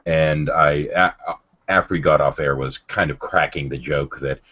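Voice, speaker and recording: A man's voice: extremely low pitch, fairly even intonation, normal speed, breathy edge. A man hosting a casual livestream chat, rambling and sardonic, with lots of ums and restarts. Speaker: livestream host. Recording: dull lo-fi stream audio.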